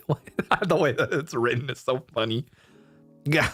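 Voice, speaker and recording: A man's voice: medium pitch, a little slow, long pauses, a bit bright, soft background music. A young man chatting casually on a livestream. He laughs often and swears freely. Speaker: streamer.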